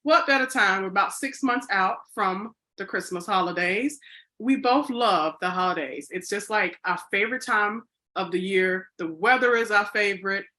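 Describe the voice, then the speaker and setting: Bright-voiced chatty woman co-host. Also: mid-range voice, normal speed. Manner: rambling and self-correcting, with many "you know" fillers; playful and chatty. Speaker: podcast co-host. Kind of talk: casual podcast chat.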